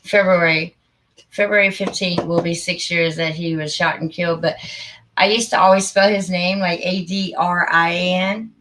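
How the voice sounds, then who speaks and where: A woman's voice: fairly low pitch, steady tone, normal speed, a bit bright. A middle-aged woman hosting a casual live stream, talking in a heartfelt, rambling and emphatic way. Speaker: channel host.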